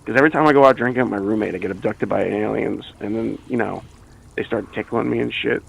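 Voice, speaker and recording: A man calling in to an advice show, rambling and hesitant in a deadpan comedic way. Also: lowish voice, fast, vocal fry, husky, rough recording. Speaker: caller.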